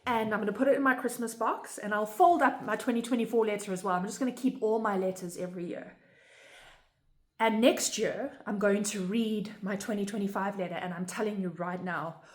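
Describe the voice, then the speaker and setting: A woman explaining a home ritual in a casual, earnest way, often checking in with "right?". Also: medium pitch. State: emotional, near tears. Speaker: spiritual teacher. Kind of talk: casual instructional talk. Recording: echoey room.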